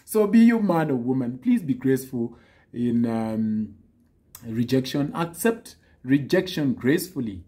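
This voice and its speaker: A man giving casual dating advice, lively and teasing, acting out the texts he quotes. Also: mid-range voice, measured pace.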